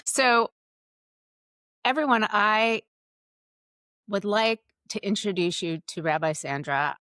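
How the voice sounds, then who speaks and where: A woman's voice: medium pitch, lively intonation, takes it slowly, a bit bright, dry recording. A woman hosting a live interview show, introducing her guest and asking questions in earnest, thoughtful phrases. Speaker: podcast host.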